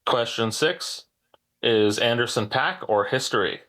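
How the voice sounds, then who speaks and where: A man hosting a pub-style trivia podcast, reading questions in a measured, deliberate way with dry asides. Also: mid-range voice, animated, fairly bright tone. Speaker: trivia quiz host.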